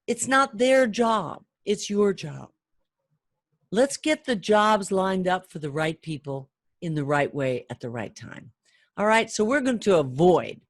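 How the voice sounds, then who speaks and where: Older female phone-sales trainer, chatty and animated, middle pitch, dry close recording. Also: measured pace, dry recording. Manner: chatty, animated, acts out callers' lines. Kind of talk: training talk to camera.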